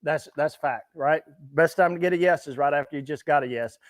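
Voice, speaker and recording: A man's voice: on the high side, fairly quick, no room sound. A man co-hosting a podcast in casual chat, upbeat and encouraging. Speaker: podcast co-host.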